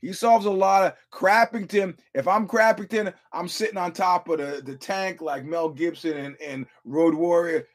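A man with a slightly high voice hosts a casual podcast about fights. He spins loose stories and acts out what others said, with plenty of cursing. He often repeats himself as he goes. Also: fairly even intonation, normal speed, hardly any pauses. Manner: storytelling, profane, acts out quotes; repeats words and restarts, chuckles often. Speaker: podcast host.

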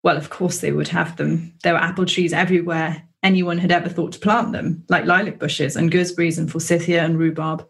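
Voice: medium pitch, steady tone, fairly quick, gravelly, hardly any pauses. A person reading a literary passage aloud in a book discussion, doing American voices for the characters. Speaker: book club member.

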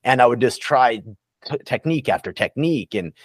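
A man's voice: mid-range voice, lively intonation, normal speed, dry recording, clean studio sound. A man talking candidly and reflectively in a casual podcast interview, with many fillers and restarts. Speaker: recovery coach guest.

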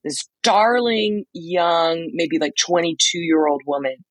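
Low husky-voiced woman, chatty storyteller. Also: animated, dry recording, low-quality recording. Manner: chatty storyteller, quick asides and acted-out quotes. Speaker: podcast co-host reporting from a trial. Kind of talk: casual chat. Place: motel room.

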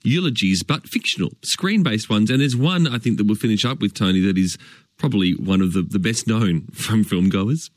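A male radio host leading a casual chat in a relaxed, wry way. His voice sits a little low. The studio sound is dry and close. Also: normal speed, dry recording.

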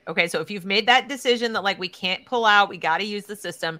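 A woman hosting a casual interview, talking in an emphatic, sarcastic and animated way. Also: medium pitch, fast. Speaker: podcast host.

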